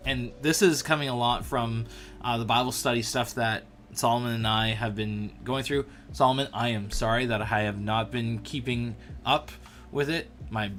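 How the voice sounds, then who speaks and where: A man hosting a livestream, giving a casual devotional talk to viewers in an animated, joking way, often restarting his sentences. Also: mid-range voice. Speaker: livestream show host.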